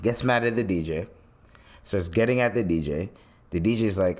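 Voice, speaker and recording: A man's voice: deep voice, brisk. A man hosting a podcast, telling stories in a loose, profane rant and acting out the people he quotes. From Canada. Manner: animated storytelling, acts out quotes, swears freely. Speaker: podcast host. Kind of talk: casual commentary rant.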